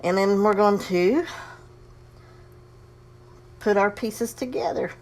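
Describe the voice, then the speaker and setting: A woman hosts a crafting tutorial, casually demonstrating a sewing project in a chatty, folksy way as she talks herself through each step, breathing a little heavily. Her medium-pitched voice is slow and somewhat dark in tone.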